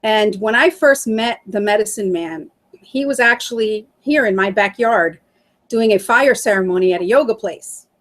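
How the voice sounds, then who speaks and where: A middle-aged woman telling her story as an interview guest, animated and laughing often as she acts out what others said. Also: medium pitch, moderate pace.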